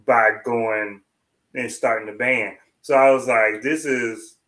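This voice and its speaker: A man co-hosting a review show in casual chat, with a bright, forward tone at a middling pitch. He talks quickly and loosely, restarting sentences and quoting his own thoughts. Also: steady tone. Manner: quick, rambling, with many restarts and quoted thoughts. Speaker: TV review podcast co-host.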